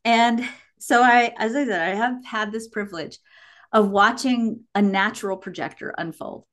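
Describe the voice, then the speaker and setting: Middle-aged woman, podcast guest, high-ish voice, animated storyteller. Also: normal speed. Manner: animated storytelling, acts out quotes. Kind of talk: casual podcast chat.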